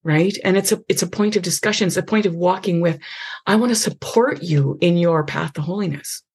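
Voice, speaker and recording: A middle-aged woman talks earnestly, often checking in with a quick "right?" Her voice sits low with a gravelly edge. It has a husky grain. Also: a little mellow. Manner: earnest, many restarts and tag questions. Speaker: podcast host. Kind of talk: conversational advice on faith and parenting.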